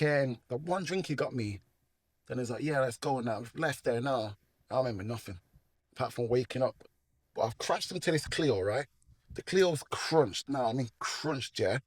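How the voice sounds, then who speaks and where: A man's voice: mid-range voice, no room sound. A middle-aged man with a Manchester accent telling his life story as a guest, rambling with slang and acting out the voices of people in it. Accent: Manchester English. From England. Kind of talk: personal testimony storytelling.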